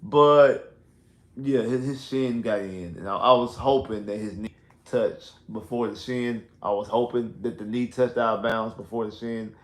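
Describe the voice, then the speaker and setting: Steady in tone and measured in pace, the mid-range voice of a man running a postgame football livestream keeps hammering his points until he sounds heated and exasperated. It's a roomy recording from a home streaming rig with headphones.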